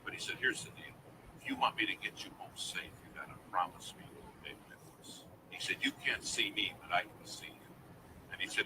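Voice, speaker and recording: Male preacher, deep voice, storytelling sermon, played back from afar with noise. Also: huge pitch swings, fairly quick, recorded from a distance.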